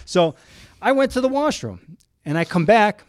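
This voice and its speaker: Guest storyteller: Chicago man with an animated, lively, up-and-down mid voice, dry close sound. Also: sits high, moderate pace, no room sound. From Chicago, USA. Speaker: news photojournalist, guest. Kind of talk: storytelling in casual chat.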